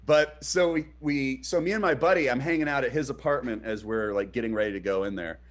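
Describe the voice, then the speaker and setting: A man's voice: medium pitch, a little fast. A man co-hosting a casual streamed chat, rambling with many fillers and acting out the stories he tells. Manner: rambling, hesitant with many fillers, animated retellings. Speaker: podcast co-host.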